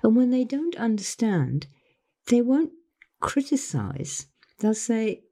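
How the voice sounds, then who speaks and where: Older woman, motivational coach, mellow tone, lively pitch. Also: slow pace. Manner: earnest, acts out other people's voices when quoting them. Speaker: life coach. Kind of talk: motivational talk to camera.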